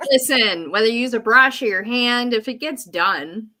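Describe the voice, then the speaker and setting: A woman co-hosting a casual podcast chat, telling stories in an animated way and acting out her own panic. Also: a little high, a little slow. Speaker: podcast co-host.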